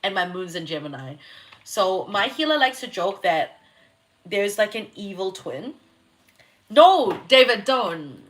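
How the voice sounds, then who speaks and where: A young Kiwi woman streams astrology readings in a mid-range voice that's very animated yet a little slow. Loose and giggly, she swears freely and answers chat comments as they come in during her live reading.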